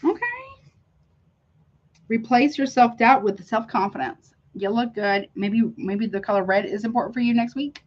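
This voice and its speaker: A woman's voice: fairly high pitch, normal speed, lo-fi sound. A middle-aged woman hosting a casual live-stream tarot reading, effusive and chatty, calling her viewers honey and y'all.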